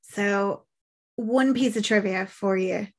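In a mid-range voice and at a slow pace, a young woman chats on a podcast about a film's plot. She acts out the quoted lines and swears casually.

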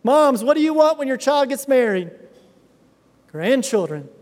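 A man's voice: extremely high pitch, big pitch swings, unhurried, a little mellow. A middle-aged man preaching a sermon as a pastor, earnest, with emphatic repetition. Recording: reverberant hall sound.

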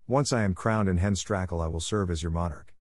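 A man voicing a kindly, honorable older lord who speaks in a grave, measured way. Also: low-pitched, a little mellow, dry recording, studio quality. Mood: solemn.

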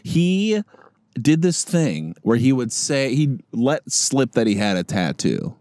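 A man tells a rambling, self-mocking story on a podcast. His voice is mellow and mid-pitched, and the recording is close and dry. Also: big pitch swings, slow, no room sound. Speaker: podcast co-host. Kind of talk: casual chat.

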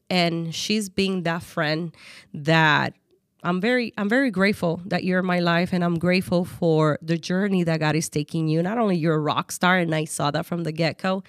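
A woman podcast host with a Cuban Spanish accent, talking in an expressive, heartfelt casual chat full of fillers. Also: fairly low pitch, no echo, clean studio sound. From Cuba.

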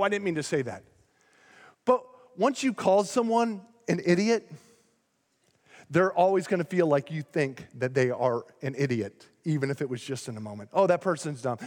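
A male pastor preaching a sermon, passionate and quick to get loud and fired up as he makes his points. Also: a little high. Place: church sanctuary. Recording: long reverb of a large church hall.

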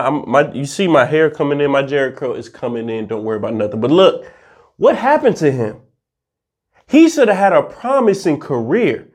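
Man, slightly high voice, loose and playful vlog host, slangy and rambling. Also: darkish tone. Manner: spells words out slowly for emphasis. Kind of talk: casual drinking vlog chat.

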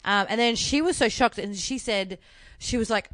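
Young aussie woman telling a story, animated, swears a lot, dry close sound. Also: medium pitch, moderate pace, smooth, dry recording. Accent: Australian. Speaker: podcast co-host. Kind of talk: casual chat.

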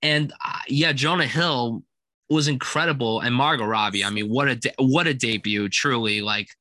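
A man's voice: medium pitch, moderate pace, no room sound. A young man in casual film review chat, talking enthusiastically about a movie he loves. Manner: enthusiastic, quotes lines in loud put-on voices. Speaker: film podcast co-host.

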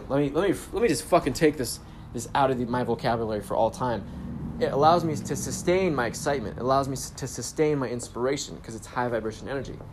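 Young male vlogger, relaxed storyteller, casual profanity, spiritual sign-offs, mid pitch. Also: fast, a little hiss or hum. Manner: laid-back, swears freely, spiritual catchphrases. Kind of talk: casual self-help vlog storytelling. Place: grocery store trip, talking on the go.

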